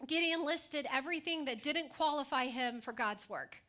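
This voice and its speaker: A woman's voice: sits high, moderate pace, pushed and bright. A woman pastor preaching a sermon in a conversational way, asking the congregation questions and adding light humor.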